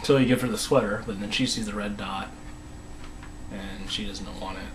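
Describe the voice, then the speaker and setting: Guy rambling thru an episode recap, lots of restarts, trails off quiet, bit of hiss behind. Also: lowish voice, steady tone, rough recording. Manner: rambling, halting, many restarts and trailing mumbles. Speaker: episode reviewer. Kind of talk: casual solo recap.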